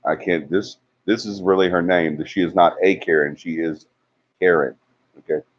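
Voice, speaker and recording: A low-voiced man from Alabama hosts a casual livestream, keeping a steady tone at a moderate pace as he reads viewer comments aloud and teases the commenters in a chatty way. The audio is dull, lo-fi livestream sound.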